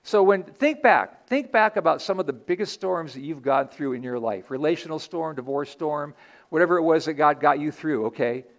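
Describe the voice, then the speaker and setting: A man's voice: fairly high pitch, moderate pace, creaky. A man preaching a sermon in a church as pastor, earnest and conversational, often restarting his sentences.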